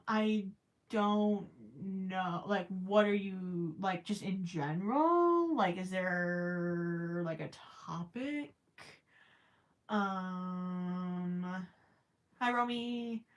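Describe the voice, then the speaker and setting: A young woman casually chatting on a livestream while crocheting, reading viewer questions aloud and teasing herself. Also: mid-range voice. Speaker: livestream host.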